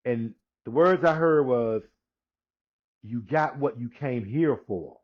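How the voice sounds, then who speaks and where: A man in his sixties telling his personal testimony in conversation, unhurried, acting out the dialogue he quotes, with frequent restarts. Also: medium pitch. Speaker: guest sharing his testimony. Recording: dull lo-fi recording.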